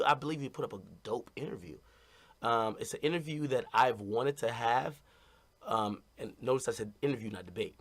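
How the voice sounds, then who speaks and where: A man's voice: medium pitch, a bit bright. A man talking casually and bluntly to his stream audience, rambling and repeating "you know what I mean".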